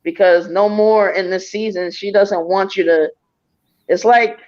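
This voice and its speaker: A woman's voice: fairly low pitch, a little mellow, highs cut off. A woman giving a live psychic reading over a video call, earnest and encouraging as she speaks straight to the sitter. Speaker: psychic medium.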